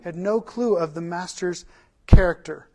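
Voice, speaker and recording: A male pastor preaching a sermon, animated, with repeated lists and rhetorical questions. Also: high voice, a little slow.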